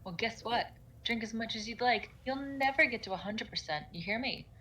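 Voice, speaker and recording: A woman voicing a mocking, disembodied dark voice inside the player's head, low and half-whispered. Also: expressive, a little fast, slight background noise, low-quality recording. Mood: sneering. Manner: sneering and condescending.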